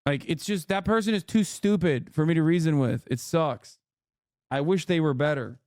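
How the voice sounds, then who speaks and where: A man's voice: a little high, moderate pace, a little mellow, no echo, clean studio sound. A man streamer giving heated political commentary, ranting with exasperation and heavy swearing. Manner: mocks others in put-on voices.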